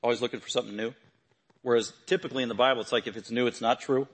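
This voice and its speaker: A man preaching a sermon, talking through a passage and building to loud, emphatic proclamations. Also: mid-range voice, fairly even intonation, racing.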